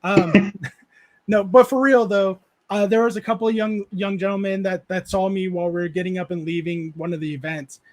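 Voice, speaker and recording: A man's voice: sits high, fairly even intonation, normal speed, a little mellow. A man hosting a casual livestream chat, reading viewer comments aloud and rambling through stories with frequent laughs and fillers. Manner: rambling storyteller, laughs often, many fillers. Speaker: show host reading chat.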